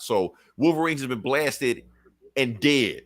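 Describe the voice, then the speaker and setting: A man's voice: lowish voice, fairly quick, a little hiss or hum. A man co-hosting a podcast, casually recapping a comic with profanity, laughing and acting out characters' lines. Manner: animated retelling, acts out characters' lines, profane, laughs often. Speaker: podcast co-host.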